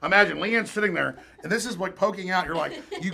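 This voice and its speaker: Fast-talking high gravelly man. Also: crowd noise. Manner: rambling, repetitive, laughing asides. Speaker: show host. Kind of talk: off-the-cuff studio banter.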